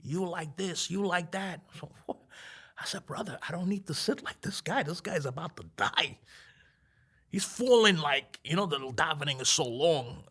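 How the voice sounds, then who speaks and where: A man as a podcast guest, telling stories in a casual chat, animated and acting out the dialogue with frequent laughs. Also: a little high, moderate pace, husky. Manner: animated, acts out quoted dialogue, laughs often.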